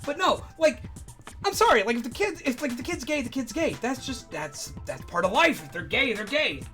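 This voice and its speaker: A woman's voice: high-pitched, sing-song, a little fast, fairly bright tone, faint music behind. A woman hosting a game stream, ranting in casual chat, swearing freely and laughing between points. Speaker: streamer host.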